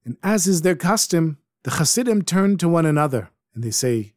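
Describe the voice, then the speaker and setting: A man telling a folk story aloud in a lively way, dropping in Yiddish words. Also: a little high, moderate pace, no room sound, clean studio sound. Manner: animated, sprinkles Yiddish words. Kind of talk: oral storytelling. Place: Jerusalem.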